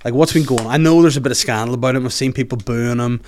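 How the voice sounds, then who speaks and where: A man's voice: mid-range voice, quick pace, a little mellow, slight background noise. A young man hosting a podcast, rambling in a joking, casual chat with lots of restarts and asides. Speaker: podcast host.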